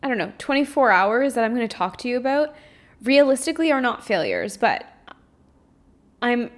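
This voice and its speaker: Candid woman with a higher voice. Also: sing-song, normal speed. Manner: rambling, self-searching, swears freely; emotionally open and confessional. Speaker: podcast host and spiritual coach. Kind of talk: candid solo podcast monologue.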